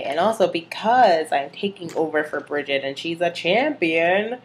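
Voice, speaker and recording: A young woman vlogging in a chatty, frank and animated manner. Her voice sits fairly low but swings around as she talks, with loose, off-the-cuff phrasing. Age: young adult. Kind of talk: casual chat.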